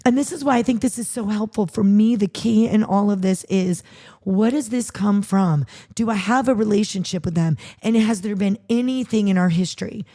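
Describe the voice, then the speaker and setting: Mellow-voiced woman podcast host. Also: medium pitch, normal speed. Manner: animated, storytelling with acted-out quotes. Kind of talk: casual chat.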